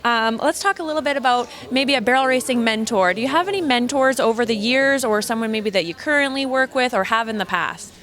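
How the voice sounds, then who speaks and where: A woman's voice: on the high side, fairly quick, few pauses, a bit bright. A woman interviewing a rider at a rodeo event, bubbly and encouraging. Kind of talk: upbeat arena interview.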